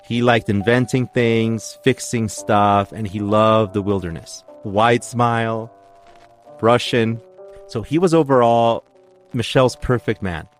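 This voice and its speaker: A man's voice: on the low side, measured pace, soft background music. A man hosting a podcast, telling a mystery story in a rambling, chatty way, often correcting himself mid-sentence. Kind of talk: casual storytelling chat.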